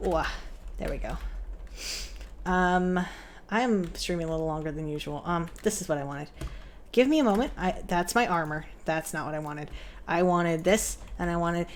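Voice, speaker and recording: A young woman streaming a game, chatting casually in a playful, giggly, rambling way and poking fun at herself. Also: on the high side.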